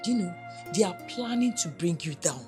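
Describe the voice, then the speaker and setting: An actress playing a grateful hospital director, speaking with a Nigerian accent. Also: female voice, fairly low pitch, expressive, fairly quick, music in the background, close to an everyday voice. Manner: grateful and pleading. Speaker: medical director.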